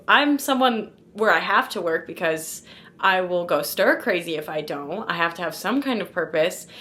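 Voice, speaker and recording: A vlogger in her twenties from St. Louis, Missouri, chats casually to camera in a mid-range, fairly bright voice. Her speech is full of "like," and she calls her viewers "guys" and "y'all."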